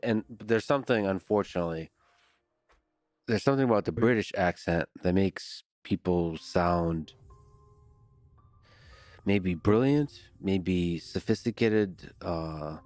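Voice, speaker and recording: Male podcast host, deep voice, dry close sound, quiet and curious. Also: slow, long pauses, no room sound. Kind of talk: casual conversation.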